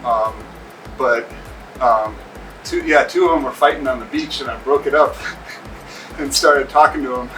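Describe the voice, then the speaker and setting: A man casually recalling how he met his training partner, in a relaxed, halting way with many fillers. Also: medium pitch. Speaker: interviewee, paddling coach. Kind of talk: casual recollection. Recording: distant mic with faint music.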